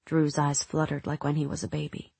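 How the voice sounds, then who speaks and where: A woman narrating a novel as an audiobook in a measured, literary reading. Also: low-pitched, monotone, vocal fry, a little mellow, husky, no echo. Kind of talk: scripted narration.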